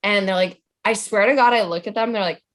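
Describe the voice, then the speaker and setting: A woman's voice: medium pitch, a little fast. A young adult woman chatting as a podcast guest, playful and full of fillers like "like" and "um". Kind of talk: casual podcast chat.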